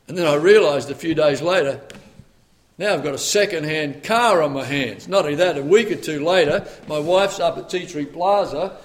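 A man's voice: on the high side, vocal fry. A middle-aged man preaching a sermon, reading scripture aloud and telling stories from his own life. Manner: earnest, quotes scripture in old English, tells personal anecdotes.

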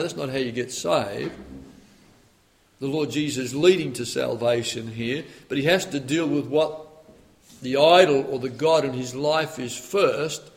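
A man's voice: a little high, a bit bright. A middle-aged man preaching a sermon, reading scripture aloud and telling stories from his own life. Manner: earnest, quotes scripture in old English, tells personal anecdotes.

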